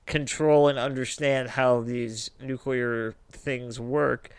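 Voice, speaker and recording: Smooth-voiced man, joking podcast co-host. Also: medium pitch, level tone, takes it slowly, dry recording. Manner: joking, swearing, loose tangents. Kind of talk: casual chat.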